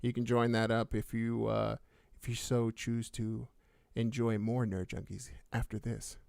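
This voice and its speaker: Laid-back gravelly-voiced man. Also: mid-range voice, little pitch movement, unhurried, darkish tone, dry recording, studio quality. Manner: laid-back, laughs often. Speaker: podcast co-host. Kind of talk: casual live stream chat.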